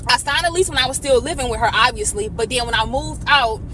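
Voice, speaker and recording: High-pitched woman in her late 20s ranting to the camera, frustrated, cursing a lot, trying not to cry. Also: fast, pushed and bright, a little hiss or hum, poor audio. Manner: frustrated and profane, holding back tears. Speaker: vlogger. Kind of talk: emotional venting to camera.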